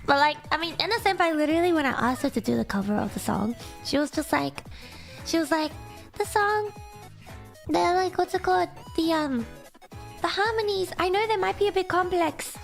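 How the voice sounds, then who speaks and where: Woman streamer, high and bouncy voice, giggly rambling chat, a bit gravelly from morning sleepiness, soft music underneath. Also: expressive, a little fast. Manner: bubbly, giggly, rambling with many fillers. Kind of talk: casual chat reading donations.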